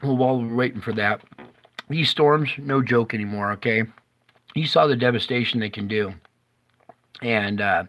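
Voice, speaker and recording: A man presenting a casual live-stream weather report, talking in a slow, stop-start way and praying aloud under his breath when things go wrong. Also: lowish voice, sharp tone.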